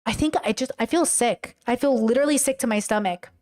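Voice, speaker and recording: A woman's voice: on the high side, a little fast, darkish tone. A woman livestreaming, reading a text aloud and reacting with emotional, exclaiming commentary. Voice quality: tearful at times. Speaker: streamer reacting to a video.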